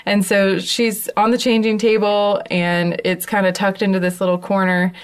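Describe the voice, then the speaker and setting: Lively woman podcast co-host from New York. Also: mid-range voice, normal speed, clean tone. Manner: lively storyteller acting out quotes. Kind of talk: casual chat.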